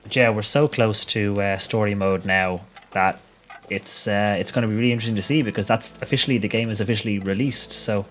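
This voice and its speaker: A man's voice: fairly low pitch, steady tone, fairly quick, a bit bright, a little hiss or hum. A man with a Dublin Irish accent, chatting easily with viewers while streaming a game and laughing often. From Ireland. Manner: chatty and easygoing, laughs often, answers chat messages. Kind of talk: live gameplay commentary, chatting with viewers. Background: music.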